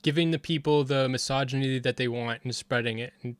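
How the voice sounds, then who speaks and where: A man talking through a debate clip in casual commentary. He gets heated and rambles, restarting his sentences. The sound is close and dry, at an ordinary pitch for a man. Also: fairly even intonation, a little fast, clear, resonant tone, no echo. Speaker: streamer reviewing a debate.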